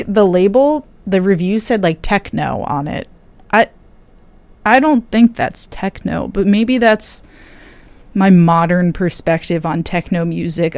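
A woman's voice: lowish voice, a little mellow, clear, resonant tone, dry recording. A tired young woman DJ chatting casually on air between records, rambling and interrupting herself. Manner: rambling, self-interrupting, with many fillers. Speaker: radio DJ.

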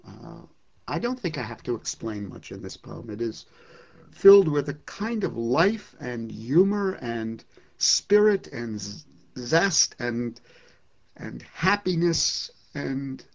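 A literature lecturer speaks slowly and deliberately, pausing with small hesitations between thoughts. The tone is measured, mid-pitched and explanatory. The recording has a dull, lo-fi sound. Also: gravelly, a little mellow. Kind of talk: lecture with poetry reading.

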